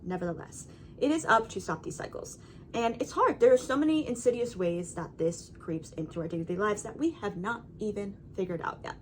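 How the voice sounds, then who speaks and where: A woman vlogging from home in a casual, rambling talk straight to camera, speaking at a middling pitch. She stays emphatic and keeps checking in with her viewers. There is a faint hiss behind her voice. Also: expressive, a little fast. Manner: emphatic, rambling, frequent "right?" and "you know". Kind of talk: casual talking-head monologue.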